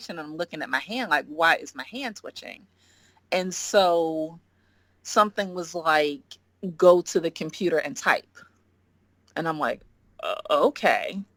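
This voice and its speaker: A woman guest on a podcast telling a story in animated chat, often acting out what she and others said. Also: fairly low pitch, no room sound. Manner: lively, quotes herself and others in acted voices, frequent "like".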